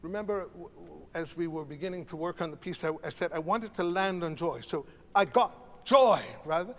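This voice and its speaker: An older man leading a choir rehearsal as conductor, animated, demonstrating phrases by singing them. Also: fairly high pitch, a little fast, gravelly, in a large hall. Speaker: choral conductor. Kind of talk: choral masterclass rehearsal.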